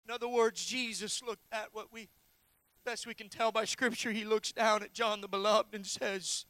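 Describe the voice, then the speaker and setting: Man, pastor, sermon, personal storytelling, repeated phrases, bright, dry sound. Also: sits high, fairly even intonation, moderate pace, dry recording. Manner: dramatic swings from loud to hushed.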